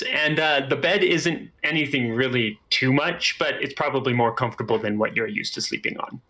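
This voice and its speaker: A man serves as game master and narrates a tabletop game in an easygoing way. His voice is bright, and he stops now and then with fillers. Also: medium pitch, normal speed, hardly any pauses, rough recording.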